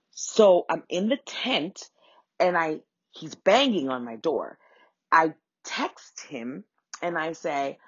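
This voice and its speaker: Low-voiced woman telling a profane comic story. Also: normal speed, husky, no echo, lo-fi sound. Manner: animated, profane, acts out quoted voices.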